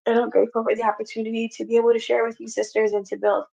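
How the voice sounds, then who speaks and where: A woman's voice: on the high side, flat delivery, racing, creaky, mellow. A woman hosting a Bible study, teaching earnestly and repeating her phrases. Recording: dull lo-fi recording.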